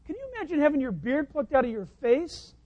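A man preaching a sermon, stressing key lines with sudden high leaps and dropping into chatty asides. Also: sing-song, fairly quick, no echo, muffled recording. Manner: emphatic preaching, voice leaping high on key phrases. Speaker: pastor.

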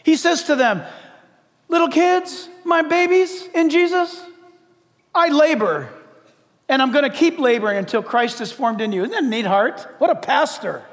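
A man preaching a sermon as pastor, in a lively conversational way with acted asides. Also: very high-pitched, fairly quick, big-room sound.

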